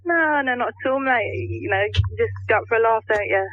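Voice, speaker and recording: A woman's voice: on the high side, animated, brisk. A woman from England phoning in to a radio show, giving shy, giggly, brief answers. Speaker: radio caller. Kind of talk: phone-in chat. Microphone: telephone. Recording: muffled phone line.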